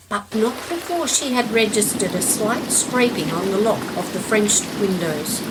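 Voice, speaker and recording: A woman narrating a short story in a measured, gentle way. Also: medium pitch, very noisy. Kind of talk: scripted narration. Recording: steady rain in background.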